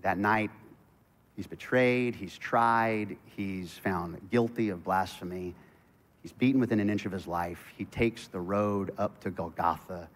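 A man preaching a sermon as pastor, telling stories with animated swings between loud excitement and hushed intensity. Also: sits low, unhurried. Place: church sanctuary. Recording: church hall reverb.

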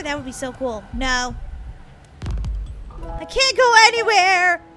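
A woman playing a game as the villain, chatting playfully, giggling and teasing in a mock-evil way. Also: high voice. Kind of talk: playful let's-play chatter. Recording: game music underneath.

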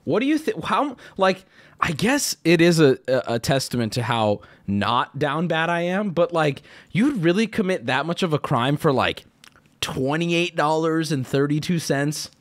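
A man streaming live, talking casually to his chat and reacting to donations, loud and excitable, often breaking into shouts. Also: fairly high pitch, a little slow.

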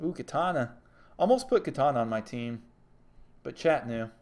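A man's voice: medium pitch, expressive, normal speed, a little mellow, slight background noise. A young man from Texas giving casual, joking commentary on a game stream and reading chat messages aloud.

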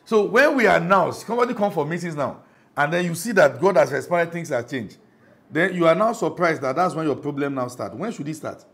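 A man's voice: a little high, animated, a little fast, fairly bright tone. A middle-aged Nigerian man preaching a sermon as pastor, emphatic, often asking the congregation if they follow.

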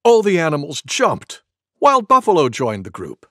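Slow, expressive man reading to kids. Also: fairly high pitch, no room sound, studio quality. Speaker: storybook reader and host. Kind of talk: children's story narration.

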